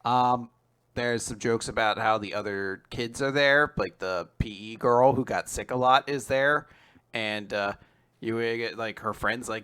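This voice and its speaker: A man's voice: medium pitch, a little slow, smooth. A man co-hosting a casual manga recap podcast, retelling scenes and jumping into exaggerated character voices. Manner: animated, acts out characters' lines in exaggerated voices. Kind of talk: casual chat.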